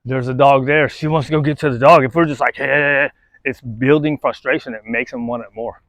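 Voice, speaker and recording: A man's voice: medium pitch, steady tone, fairly quick, a bit bright, no echo, low-quality recording. A man, a dog trainer, giving casual, conversational training advice outdoors and often checking in with "right?". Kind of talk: casual instructional talk.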